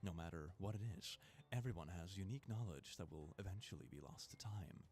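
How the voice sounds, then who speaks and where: A man's voice: low-pitched, a little fast, darkish tone. A young man streaming, casually joking as he reacts to clips and reads posts aloud.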